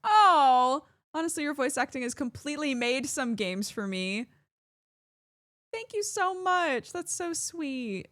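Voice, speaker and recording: Animated woman streamer with lively pitch. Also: a little slow, no echo, clean studio sound. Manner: animated, laughs often, reads chat aloud. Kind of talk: casual chat with viewers.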